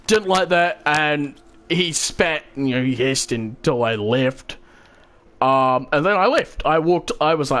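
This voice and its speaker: Medium in pitch and a bit bright, this young man speaks at a moderate pace. He's a New Zealander hosting his channel, casually spinning a meandering, profane yarn during gameplay and voicing the quotes himself.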